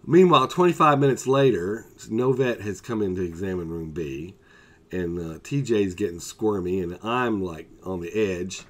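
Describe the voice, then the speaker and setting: A man telling a funny anecdote in an animated, exasperated way. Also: sits low, moderate pace. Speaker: storyteller. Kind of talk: casual anecdote.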